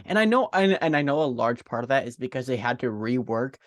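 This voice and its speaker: An American man chatting on a podcast, his mid-pitched voice moving in lively swoops. The sound is dry and close. He stumbles through restarts and needles his co-host with dry teasing. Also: brisk, no echo. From United States. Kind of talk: casual chat.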